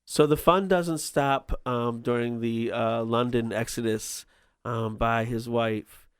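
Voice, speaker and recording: A man's voice: mid-range voice, fairly even intonation, slow, smooth, no room sound, studio quality. A man talking as a podcast guest in casual chat, rambling with many ums.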